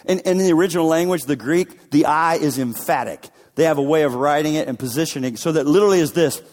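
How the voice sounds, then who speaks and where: A male pastor giving a sermon, swinging between loud emphatic bursts and near-whispers and repeating key phrases for emphasis. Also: on the high side, a little fast, few pauses. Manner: dramatic swings from shouts to whispers. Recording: long hall reverb.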